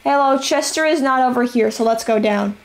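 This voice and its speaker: A young woman streaming a survival game, her voice going hoarse as she rambles and narrates her moves with casual swearing. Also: high voice, brisk. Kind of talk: casual live-stream chatter.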